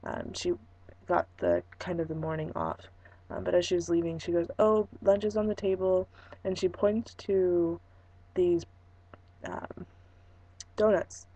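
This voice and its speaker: Hoarse, gravelly young woman. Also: fairly low pitch, expressive, unhurried, long pauses, mellow, muffled recording. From Fresno, California. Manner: rambling, lots of ums and restarts. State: hoarse, losing her voice. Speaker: vlogger. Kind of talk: casual vlog chat.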